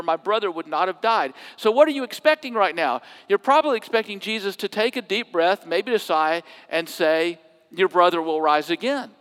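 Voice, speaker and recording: A man preaching a sermon, swinging from loud emphatic quotes to hushed near-whispers. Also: high-pitched, big-room sound. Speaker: pastor.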